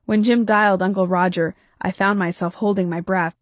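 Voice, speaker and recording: A woman author reading her own novel in first person, lively, her voice leaping up on questions and exclamations. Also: normal speed, no echo. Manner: expressive, pitch jumps on questions and exclamations. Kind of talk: first-person audiobook narration.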